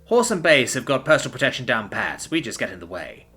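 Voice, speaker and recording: A man's voice: medium pitch, big pitch swings, fast talker, bright, forceful tone, husky, full character voice. A man voicing a laid-back, agreeable soldier.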